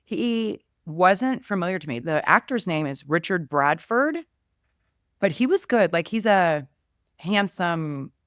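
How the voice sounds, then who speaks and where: Female podcast host, relaxed chatter, lower pitch, dry mic. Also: slow, no echo. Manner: chatty, easygoing, trails off and restarts. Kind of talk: casual podcast movie chat.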